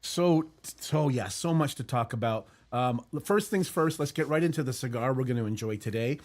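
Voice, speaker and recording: A man's voice: mid-range voice, normal speed, darkish tone. A man hosting a casual chat stream, rambling and joking, with many fillers and laughs. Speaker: podcast host. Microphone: headphones and mic.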